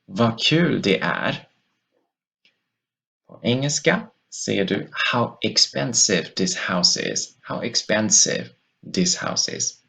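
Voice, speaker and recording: A man's voice: on the low side, big pitch swings, slow pace, vocal fry, pushed and bright. A man teaching a language lesson, explaining step by step and repeating each example sentence twice.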